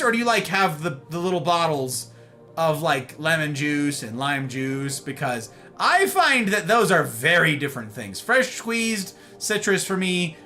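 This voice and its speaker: A man's voice: high voice, pushed and bright. A man live-streaming, chatting casually with his viewers, teasing and greeting them by name.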